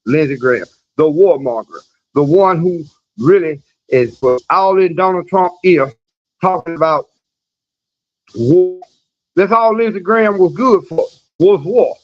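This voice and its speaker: Man, high voice, stream host, mocking rant, reads news aloud, dull lo-fi audio. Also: measured pace, pauses often. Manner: loose, mocking rant with chuckles and restarts. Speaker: livestream news commentator. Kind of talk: live-stream commentary, reading news aloud.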